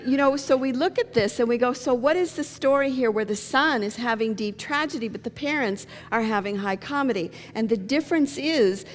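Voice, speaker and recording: A woman with a slightly high voice preaches a sermon, spinning funny stories and jokes in a lively storytelling way. Her voice carries with a long reverb through a church hall. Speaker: pastor. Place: church sanctuary.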